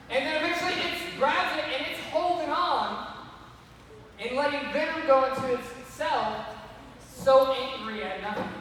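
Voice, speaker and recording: High-voiced man preaching in an echoey hall. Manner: animated, repeatedly calling for attention. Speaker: youth speaker. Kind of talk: sermon to kids. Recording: echoey hall from far off, faint noise.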